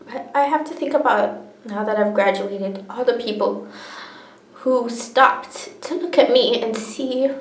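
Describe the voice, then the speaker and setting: A woman's voice: a little high, measured pace. A young woman telling her own story to camera in a candid, earnest way, tearful and laughing often as she talks. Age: young adult. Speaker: vlogger. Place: indoors, sitting on the floor. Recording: echoey room.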